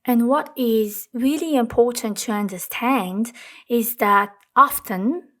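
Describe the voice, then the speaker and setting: A woman hosting a self-help talk, speaking gently and reflectively, repeating phrases for emphasis. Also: fairly high pitch, slow pace. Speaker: host.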